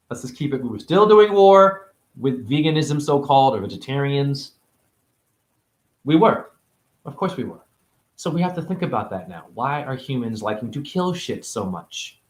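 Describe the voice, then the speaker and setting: A man giving a rambling spiritual monologue, free-associating and preachy, jumping between high exclamations and low mutters. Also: echoey room. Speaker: spiritual teacher.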